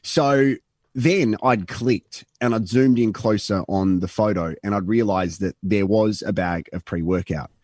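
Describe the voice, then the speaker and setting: An Australian podcast co-host tells a long, rambling anecdote in casual storytelling style, acting out the quotes. His lowish, slightly mellow voice moves a little slowly, captured in studio quality with no echo.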